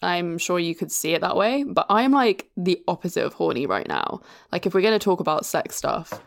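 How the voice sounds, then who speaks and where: Gravelly-voiced woman podcast host. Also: on the low side, very animated, moderate pace. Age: 30s. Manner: candid, emotional, swears casually. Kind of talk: casual chat.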